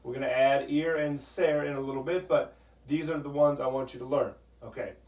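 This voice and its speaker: A man teaching a Spanish grammar lesson, patient, repeating "okay?" often and sounding out words slowly. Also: medium pitch, fairly even intonation, darkish tone, dull audio. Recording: echoey room, voice from a distance.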